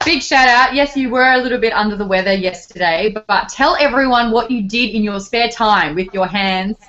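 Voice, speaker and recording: A woman's voice: fairly high pitch, fairly quick, a bit bright, slight background noise. Giggly Australian woman hosting a stream. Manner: bubbly, giggly. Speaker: host. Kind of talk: casual live-stream chat. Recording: dull lo-fi stream audio.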